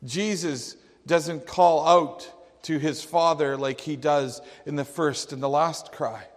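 A man preaching a sermon, slow and emphatic, with dramatic quotations. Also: fairly high pitch, fairly even intonation. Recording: long hall reverb.

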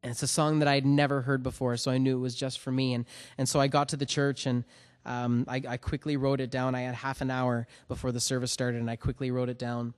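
A man's voice: medium pitch, level tone, quick pace. A man, a worship musician giving a personal testimony before a song, talking earnestly with many restarts.

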